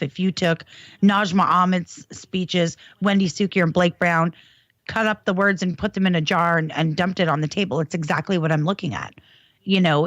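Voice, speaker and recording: Calm measured co-host, dull lo-fi audio. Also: mid-range voice, dry recording. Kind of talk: casual political commentary.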